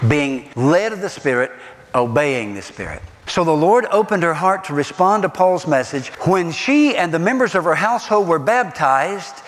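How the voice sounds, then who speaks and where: A middle-aged pastor with a drawl preaches with a lively, swooping delivery that rises and falls. His voice sits a little high for a man and rings with a long hall echo, as from a church. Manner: animated preaching with rhetorical questions. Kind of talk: sermon.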